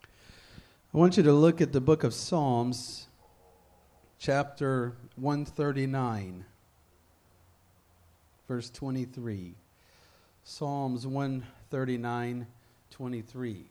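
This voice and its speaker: A man preaching a sermon, reading scripture slowly and deliberately, then leading a fervent prayer. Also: mid-range voice, dark tone.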